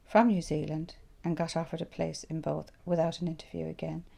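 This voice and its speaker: An Irish woman in her sixties recalls her past for an interviewer. Her low voice is warm and mellow with a gravelly edge. She tells her stories in a lively way, voicing the thoughts she had back then. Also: fairly quick. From Ireland. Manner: animated storyteller who acts out her own past thoughts. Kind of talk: reflective personal storytelling.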